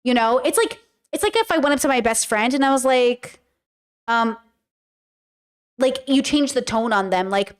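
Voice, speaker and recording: A woman with a high voice talks straight to her viewers in a loose podcast monologue. She speaks frankly, swears casually and fills her sentences with "like". She slips into quoted lines as she makes her points. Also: lively intonation, moderate pace, long pauses. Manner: chatty, frank, many fillers, acts out quoted speech. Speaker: podcast host.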